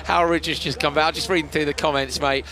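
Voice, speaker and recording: A male rallycross commentator, hoarse and tired, chatting warmly and emotionally on a live broadcast. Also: fairly high pitch, fairly even intonation, fast talker, crowd noise. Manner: chatty, emotional, laughs often. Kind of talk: casual live broadcast chat.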